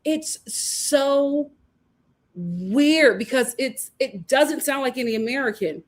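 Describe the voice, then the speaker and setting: A woman hosting a casual livestream, reading viewer comments aloud, animated and laughing often as she talks. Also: high-pitched, slow pace. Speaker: host of a reality TV review livestream.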